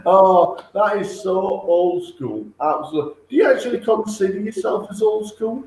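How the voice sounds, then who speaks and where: A man's voice: sits high, normal speed, darkish tone, echoey room, a little hiss or hum, rough recording. A man hosting a casual interview, eager and reactive, laughing along with his guest. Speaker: interview host.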